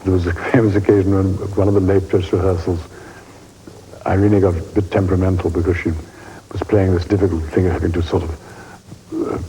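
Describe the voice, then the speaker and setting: A man's voice: low-pitched, flat delivery, fairly quick, mellow, slight background noise, low-quality recording. An English man in his eighties telling wry theatre anecdotes in an interview, chuckling as he reminisces. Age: 80s. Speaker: veteran stage actor interviewed.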